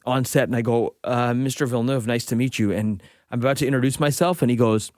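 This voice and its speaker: A man's voice: medium pitch, quick pace, no room sound. Man telling a story, dry close sound. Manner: lively storyteller acting out quoted dialogue. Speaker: podcast co-host. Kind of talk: casual anecdotal storytelling.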